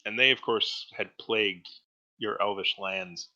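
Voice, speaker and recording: A man narrating as game master in a relaxed, hesitant way with many fillers. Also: fairly low pitch, unhurried, highs cut off.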